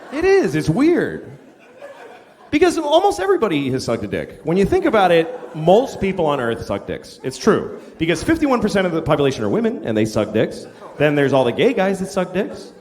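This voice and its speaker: A man's voice: high-pitched, huge pitch swings, moderate pace, some chatter behind. A male stand-up comedian on stage, telling a profane, incredulous story to a live audience. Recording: live show with loud laughter and hiss.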